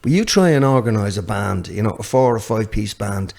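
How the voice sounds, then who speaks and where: A man's voice: fairly low pitch, a little fast, creaky. An older man, a guest guitarist chatting casually in an interview, telling stories with lots of restarts. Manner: animated storyteller with many restarts.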